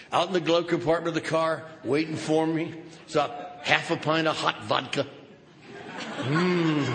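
In a reverberant, noisy hall, an older man shares a comic story at a recovery meeting. His voice is slightly high and a bit bright with vocal fry, and his humor lands sardonic and punchy.

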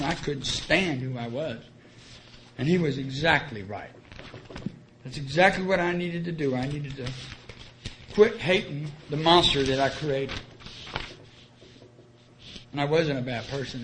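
Man, slightly high voice, earnest recovery-meeting share, folksy and repetitive, faint hiss behind. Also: fairly bright tone. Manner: earnest, colloquial, repeats key phrases. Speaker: speaker sharing his story at a recovery meeting. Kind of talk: plain-spoken personal testimony.

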